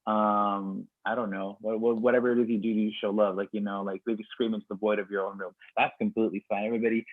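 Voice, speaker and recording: A man hosts a poetry slam livestream, rambling casually with fillers and tangents as he loses his voice and it wears out. He talks fast in a lowish voice with little pitch movement. The recording is dry and tinny, phone-like, with no room sound.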